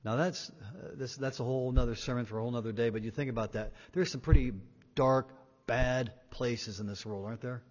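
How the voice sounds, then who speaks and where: A man preaching a sermon, emphatic, swinging between loud and quiet and repeating words for weight. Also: mid-range voice, a little fast. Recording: dull sound in a reverberant hall.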